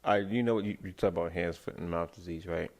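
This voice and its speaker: A man's voice: low voice, steady tone, fast. A man co-hosting a comedy podcast, telling a rambling story in casual chat, full of restarts. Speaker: podcast co-host.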